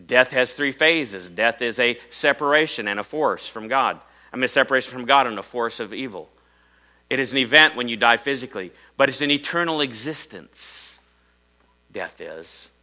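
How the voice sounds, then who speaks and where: Here a middle-aged man from Iowa gives a sermon, recounting a story dramatically as he shifts between booming emphasis and hushed, low phrases. The recording quality is low.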